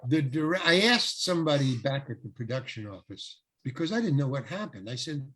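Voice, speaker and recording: An older male actor, a guest on an interview, telling rambling, animated anecdotes full of restarts. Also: medium pitch, fairly quick, slightly rough. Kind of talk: casual storytelling interview.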